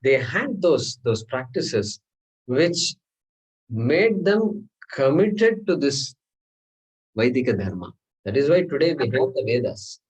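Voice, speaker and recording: A man's voice: medium pitch, sing-song, slow, slightly rough, poor audio. A man teaching a scripture class, explaining step by step, often checking in with "okay?" and asking the class rhetorical questions. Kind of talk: classroom lecture. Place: class room.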